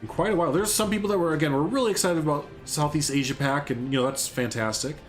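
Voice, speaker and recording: A man's voice: fairly high pitch, quick pace. Man, young adult, casual stream commentary, rambling, talks to chat, faint background music. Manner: rambling, chatty, reads and answers chat.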